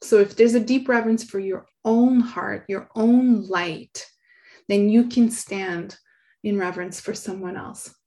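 A middle-aged woman, an author being interviewed, speaking in an earnest, soft, reflective way and laughing often. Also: medium pitch, steady tone, a little slow. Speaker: guest, author.

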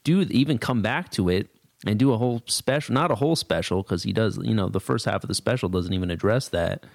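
A man's voice: on the low side, fast, vocal fry, no echo, clean studio sound. A man hosting a podcast, talking casually and thinking aloud about a comedy special. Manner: conversational, thinking aloud with restarts. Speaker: podcast host. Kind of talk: casual discussion.

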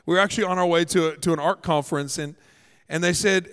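Male pastor from Canada, sermon, fairly high voice, humorous storyteller, echoey hall. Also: fast talker, fairly bright tone, clear, resonant tone.

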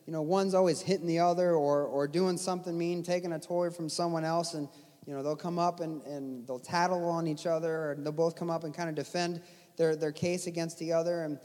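A man with a high speaking voice preaches an earnest sermon, driving his points home through repetition. His words ring out with a long reverb, as in a large hall. He sounds like a pastor exhorting his congregation. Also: steady tone, a little fast, darkish tone. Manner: earnest, exhorting with repeated phrases.

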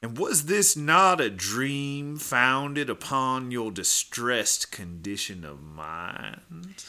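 A man's voice: medium pitch, lively intonation, extremely slow, pushed and bright, clear, resonant tone, heavily acted. A man playing a pompous 1890s city prosecutor.

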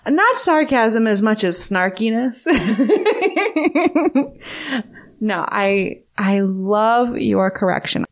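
A woman's voice: a little high, big pitch swings, extremely slow. A woman co-hosting a Christian radio talk show, chatting casually with a playful, teasing manner. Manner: playful, teasing, laughs often.

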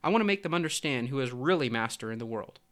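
A large sly crab, coaxing and wheedling, luring a small fish closer, as a man reads him. A storybook reading of a smooth-talking predator. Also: mid-range voice, expressive, quick pace, fairly bright tone, natural voice.

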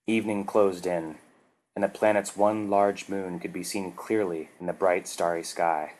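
A man narrating a science fiction story in a measured, dramatic way. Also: low voice, little pitch movement, a little mellow. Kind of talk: scripted narration.

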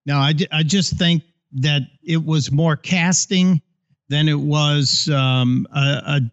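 Man podcast co-host, casual political talk, halting restarts, muffled recording. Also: fairly high pitch. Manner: conversational, hesitant restarts. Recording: dull lo-fi sound.

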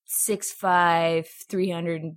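Woman, lowish voice, casual storyteller guest, filler-heavy, acts out quotes. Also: level tone, extremely slow, clean tone. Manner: chatty, full of fillers, acts out quotes with raised pitch.

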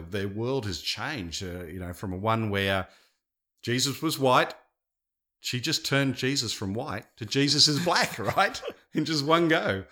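A man co-hosting a podcast, telling a story in a conversational way that swells and dips in loudness. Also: lowish voice. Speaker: podcast co-host.

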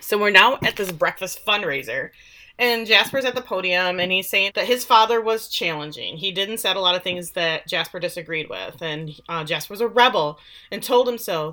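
A woman's voice: lowish voice, lively intonation, normal speed, sharp tone. A woman co-hosting a podcast, recapping a TV episode in casual chat with sarcastic asides and lots of fillers. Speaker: podcast co-host.

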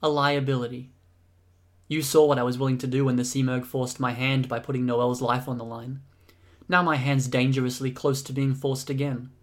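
A man reading aloud and voicing a stubborn, calculating young man who speaks with quiet menace in a storybook reading. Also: mid-range voice, flat delivery, brisk, natural voice. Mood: whispered threat. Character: stubborn, cold, calculating young male leader.

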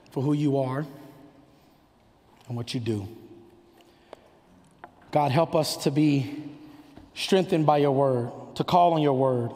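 A man with a high voice preaches with fervent, rhythmic drive, building phrase on phrase. His words ring out through a church hall with a long, lingering reverb. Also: warm tone. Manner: impassioned, rhythmic preaching cadence. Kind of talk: sermon. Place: church sanctuary.

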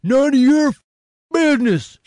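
A man voicing a gruff, shouting male movie henchman with an over-the-top barking delivery. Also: very high-pitched, animated, a little slow, dry recording, pitched above the performer's own voice. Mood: barking angry.

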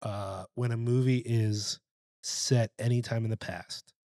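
A man co-hosting a casual film chat, opinionated and profane, talking in an animated way. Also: medium pitch, measured pace, dry recording, clean studio sound.

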